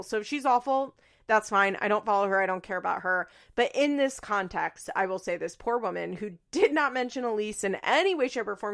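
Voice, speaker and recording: A young woman chatting casually about social media, candid and swearing freely, with animated asides. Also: mid-range voice, creaky. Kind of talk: casual chat.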